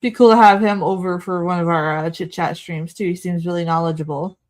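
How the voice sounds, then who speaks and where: A young woman with a lowish, fairly even voice talks fairly quickly while hosting a livestream movie watch-along. She's chatty, tosses joking asides to her chat, and laughs often.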